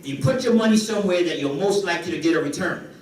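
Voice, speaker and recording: A man from the Caribbean gives an animated conference talk on business, bantering with the crowd. His voice sits high for a man. He is heard from a distance in a very echoey hall. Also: fast, a little hiss or hum. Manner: animated, joking with the audience. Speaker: conference speaker.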